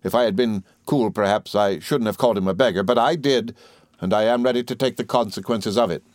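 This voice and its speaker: A man's voice: on the low side, brisk, a little mellow, dry recording, studio quality, natural voice. A man voicing a proud, bold older schoolboy who speaks defiantly and with scorn.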